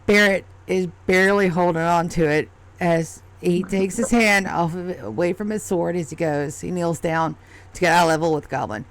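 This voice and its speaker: A woman running a tabletop game as game master, narrating in a measured, descriptive way. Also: lowish voice, steady tone.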